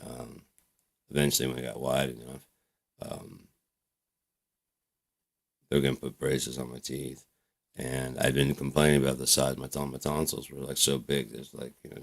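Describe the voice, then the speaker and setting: A man's voice: a bass voice, creaky, fairly bright tone. A man casually telling a rambling, profane story to his own channel, with lots of restarts. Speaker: vlogger.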